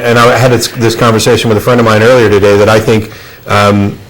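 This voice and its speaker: A low-voiced man hosts a studio talk show. He speaks in a measured, thoughtful way, pausing on fillers as he works through a point. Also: level tone, rough recording. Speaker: show host. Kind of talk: studio discussion.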